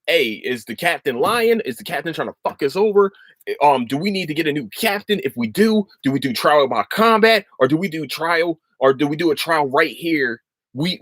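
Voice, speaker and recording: A man hosting a casual podcast, talking in a loose, profane ramble full of restarts. His fairly high voice swings widely up and down as he gets worked up. The sound is close and dry, with no room echo. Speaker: podcast host.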